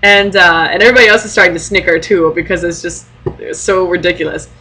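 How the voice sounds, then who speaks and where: A woman's voice: on the low side, quick pace, sharp tone, slightly rough, rough recording. A young woman vlogger telling funny stories casually to camera, with many fillers and laughing asides.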